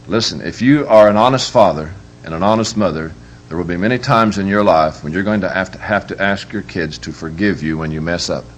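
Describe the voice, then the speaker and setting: Here the man's voice is low-pitched and brisk as he presents a live parenting workshop as a preacher, aiming for laughs. His storytelling is emphatic, playful and full of life.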